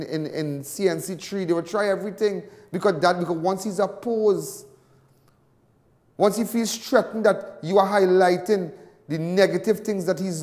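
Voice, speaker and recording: Trinidadian male host, high voice, emphatic and repetitive, in a long reverb. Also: warm tone. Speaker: talk show host. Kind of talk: impassioned TV commentary.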